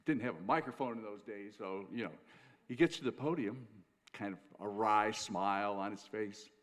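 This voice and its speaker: A man speaking as president of a learning organization, giving a halting welcome speech from a stage with many fillers and restarts. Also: fairly low pitch, a bit bright. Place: auditorium stage.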